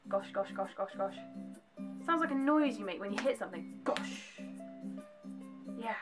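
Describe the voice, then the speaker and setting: Young english girl vlogging at home, bit of american twang, chatty and jokey, highish voice, soft music behind. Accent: English with slight American twang. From England. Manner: chatty, animated, jokey asides. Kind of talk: casual chat to camera.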